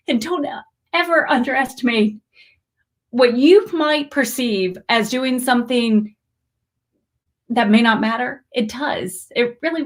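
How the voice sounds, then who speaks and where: A woman, hosting a spiritual livestream, talking heartfelt and rambling, with bursts of excited greetings. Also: fairly high pitch. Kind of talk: emotional live stream chat.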